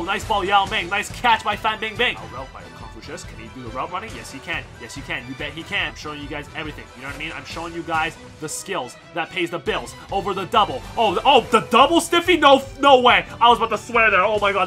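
Hyped young man shouting over a game. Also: fairly high pitch. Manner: hyped, shouting, repeats phrases, slang. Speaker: gaming YouTuber. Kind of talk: excited gameplay commentary.

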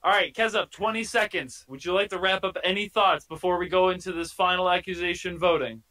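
Bright-voiced playful man moderating a game. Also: high-pitched, fairly even intonation, rough recording. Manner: playful, theatrical, drawn-out announcements. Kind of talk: moderating a video-call party game. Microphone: video call.

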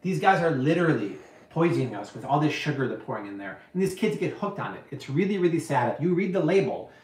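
A man with a fairly high voice hosts a live cooking stream from his kitchen. He answers viewer questions in a casual, slangy and emphatic way. The room gives his voice a clear echo. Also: sing-song, fast, a little mellow. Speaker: cooking show host.

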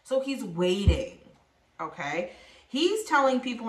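Expressive and fairly bright despite a fairly low pitch, a woman delivers a tarot reading at normal speed. She speaks straight to her viewers and acts out the voices she quotes, with an echoey room around her.

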